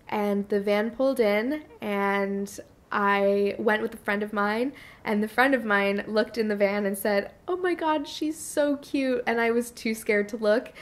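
A woman vlogger talking casually to camera in a heartfelt, chatty way, with frequent fillers. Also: mid-range voice. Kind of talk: casual personal vlog talk.

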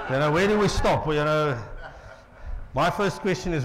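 A middle-aged man with a South African accent preaching a lively sermon in a church, joking with the congregation. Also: high voice, a little fast. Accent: South African English. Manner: playful, jokes with the congregation. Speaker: pastor.

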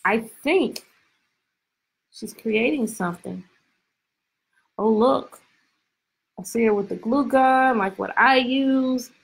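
A woman teacher reads a picture book aloud to her class, stopping often to ask questions and act out lines. Her voice is a little high and breathy, and she takes her time with each phrase. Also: slow, long pauses, rough recording. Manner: lively, expressive, stretches words, asks questions. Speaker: teacher reading aloud to students. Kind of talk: storybook read-aloud lesson.

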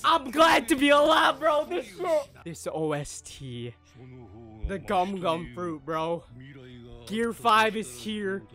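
A young man reacting live to an anime episode, excitable and swearing often, the show's music playing behind him. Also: very high-pitched.

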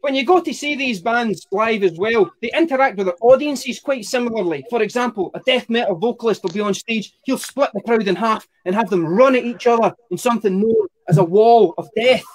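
Scottish guy doing stand-up, really high voice, dry and a bit sweary, young. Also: a little fast, hardly any pauses. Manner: wry, profane, deadpan storytelling. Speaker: stand-up comedian. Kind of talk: stand-up set.

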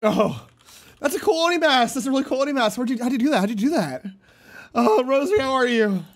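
A streamer reacting live to a video, excitable and laughing often. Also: high-pitched, fast.

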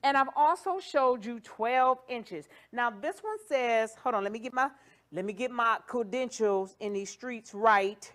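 Her voice sits a little high with a fairly bright tone, and she takes her time. As a wig shop host doing a livestream demo, she chats playfully, jokes, sings, and rallies viewers with catchphrases.

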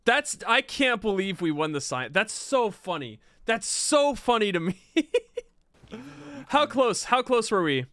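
A man giving casual, excitable commentary while playing a video game, exclaiming and laughing at what happens. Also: sits high, normal speed, few pauses, no echo.

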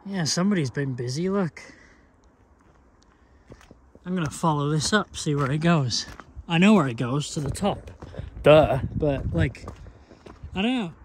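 Tipsy bloke rambling into his camera on a walk, swears a lot, voice sits a bit high, faint hiss behind. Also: animated, unhurried, long pauses. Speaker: vlogger. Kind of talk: casual rambling vlog. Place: outdoors on a walking path.

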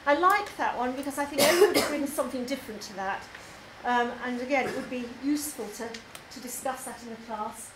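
A woman's voice: high voice, fairly quick, hardly any pauses. An English woman presenting her poetry course to a group, enthusiastic and chatty with frequent ums. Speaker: poetry tutor. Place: labour club hall. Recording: echoey hall, faint noise.

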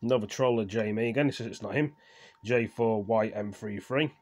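Guy on his vlog, kinda low voice, reads comments out slow with lots of uhs, trails off quiet. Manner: slow, halting read-aloud with fillers, trailing off quietly. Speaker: vlogger reading out viewer comments. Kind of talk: casual chat.

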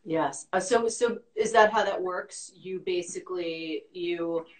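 A woman's voice: on the low side, a little slow. A woman hosting a casual interview, chatty, reading out listener questions. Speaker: interview host. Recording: roomy echo.

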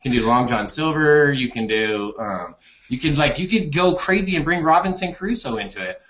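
Playful man with a bright voice. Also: animated, normal speed. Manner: playful, riffing with a mock sales pitch. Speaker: co-host marketing leader. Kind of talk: joking casual chat. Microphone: webcam on a video call. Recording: dull lo-fi video-call audio.

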